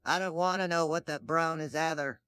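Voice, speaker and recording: A man's voice: fairly high pitch, steady tone, normal speed, pushed and bright, smooth, no echo, studio quality. A synthetic man's voice playing a nervous, jittery middle-aged chain-smoking neighbor in a parody cartoon. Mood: plain.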